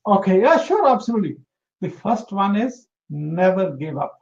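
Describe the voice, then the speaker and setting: Earnest high-voiced man giving advice. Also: big pitch swings, moderate pace, creaky, darkish tone, dull audio. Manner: earnest, emphatic, repeats for emphasis. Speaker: interview guest, entrepreneur. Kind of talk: motivational interview talk.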